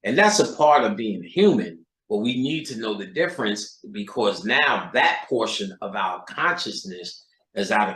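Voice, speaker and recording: A man's voice: lowish voice, a bit bright. A man giving a profane spiritual lecture, emphatic and swearing, with street-talking rhetorical repeats. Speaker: occult lecturer. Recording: roomy echo.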